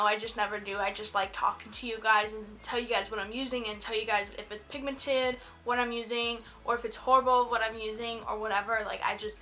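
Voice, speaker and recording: A young woman with a bright, fairly high voice talks through her makeup steps in a chatty voiceover. She rambles easily, filling gaps with ums and likes. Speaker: beauty vlogger. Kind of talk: casual makeup tutorial voiceover. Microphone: voiceover mic.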